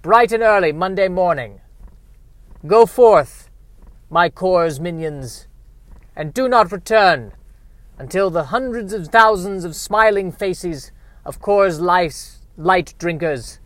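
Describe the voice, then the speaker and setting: A man voicing a grandiose company boss who gives a pompous, booming rallying speech to his workers. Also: fairly bright tone, dry recording, full character voice.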